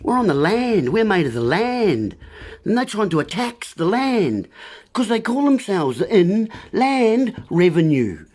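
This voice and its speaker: New man, livestream host, husky and highish, very up-and-down delivery, punning ramble. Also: big pitch swings, unhurried, darkish tone. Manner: meandering, punning wordplay, addresses listeners as folks.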